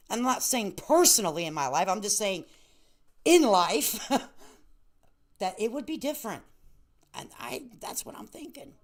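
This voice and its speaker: A woman in her late thirties hosting a casual livestream, chatty and affectionate, laughing often and calling viewers honey and baby. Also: medium pitch. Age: 30s. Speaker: livestream host.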